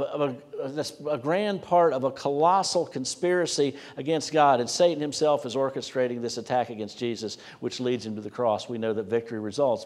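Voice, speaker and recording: A man delivers a sermon in an earnest, conversational manner, his voice sitting at an ordinary middle pitch for a man. His sentences often sink softly at the close. The recording carries the long reverb of a church sanctuary. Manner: earnest, conversational preaching with soft drops at line ends. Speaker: pastor.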